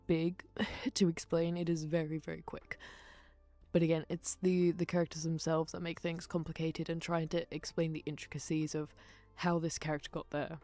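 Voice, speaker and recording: A woman's voice: fairly low pitch, a little mellow, no echo. A young woman streamer chatting casually and rambling, often laughing and trailing off mid-sentence, with faint music behind her.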